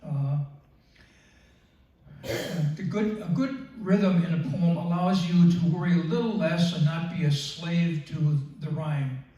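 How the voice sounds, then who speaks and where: Man, halting workshop presenter, mellow dark tone, very echoey distant room. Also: on the high side, fairly even intonation. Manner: halting, many fillers and restarts. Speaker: writing group member presenting. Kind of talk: workshop talk on poetry. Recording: echoey room, distant mic, dull sound.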